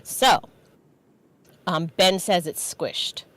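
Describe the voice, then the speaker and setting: A woman's voice: lowish voice, very slow, fairly bright tone, no room sound. A woman co-hosting a casual livestream chat, joking and teasing in a playful, sing-song way. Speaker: podcast co-host.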